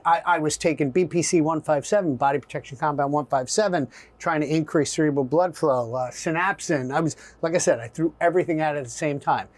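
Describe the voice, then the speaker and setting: A middle-aged man telling a story in an interview, animated and acting out voices and asides. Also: on the high side. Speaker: guest.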